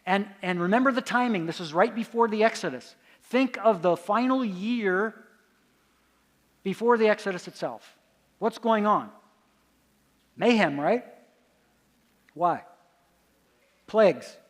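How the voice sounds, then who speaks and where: A man delivers a lecture at a conference in a high, light voice. He keeps quizzing his listeners and then answers his own questions. His words echo with a long reverb through a large hall. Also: lively intonation, unhurried, long pauses. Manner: asks the audience quiz questions and answers them himself.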